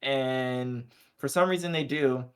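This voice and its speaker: A man's voice: mid-range voice, slow pace, clear, resonant tone. A man co-hosting a podcast, casually recapping an anime episode in loose, slangy storytelling and briefly acting out the characters' lines. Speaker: podcast co-host.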